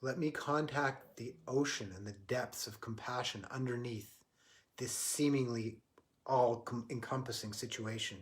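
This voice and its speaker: Guy teaching on a livestream, earnest, stops and restarts a lot, average pitch. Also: steady tone. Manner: earnest, halting, many restarts. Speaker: spiritual teacher. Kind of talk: spiritual talk, storytelling.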